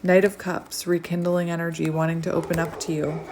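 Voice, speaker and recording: A woman talks through a tarot reading in a loose, rambling way, full of fillers and asides. Her voice sits fairly low and now and then sinks to a soft near-whisper. A faint background ambience hangs under the recording. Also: flat delivery, a little fast, noisy background. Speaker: tarot reader. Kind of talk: casual channeled tarot reading. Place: home, outdoors light fading.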